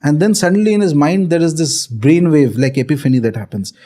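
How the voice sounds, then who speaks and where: A man's voice: fairly high pitch, brisk, warm tone. A man with an Indian accent, a spiritual teacher explaining and telling a story in a conversation, often checking in with "okay".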